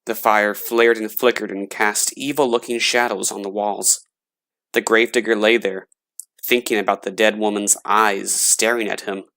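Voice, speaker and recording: A man narrating a scary story in a slow, dramatic reading voice. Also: fairly low pitch, bright, forceful tone.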